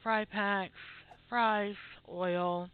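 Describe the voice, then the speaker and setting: A woman's voice: mid-range voice, fairly even intonation, very slow, clean tone. A woman in a drowsy, laid-back voice, chatting through her gameplay as she builds up a shop. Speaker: gameplay video host. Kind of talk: relaxed gameplay commentary. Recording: tinny phone-like audio with faint game music.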